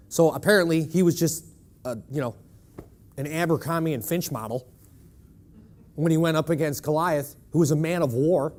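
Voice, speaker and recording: A man's voice: on the high side, moderate pace, pauses often. A man preaching a sermon in a church, emphatic and leaning on rhetorical questions to the congregation.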